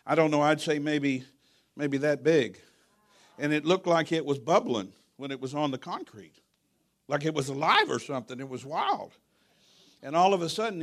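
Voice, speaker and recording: A man preaching a sermon in a church, telling a story with jokes and swinging from hushed to loud. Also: a little high.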